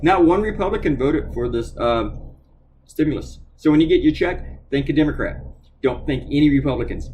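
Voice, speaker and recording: A man's voice: a little high, moderate pace, soft background music, rough recording. A middle-aged man, a cartoonist, ranting angrily and profanely while drawing on a live stream. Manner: angry, profane, animated.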